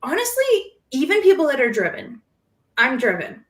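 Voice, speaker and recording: A woman talking as a podcast guest in casual conversation, emotional and animated, quick to laugh. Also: sits high, roomy sound, poor audio.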